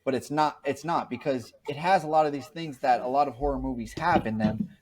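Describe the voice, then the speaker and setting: A man's voice: mid-range voice, a little fast, darkish tone. Man, podcast co-host, casual chat, rambling, restarts his sentences. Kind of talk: casual movie review chat.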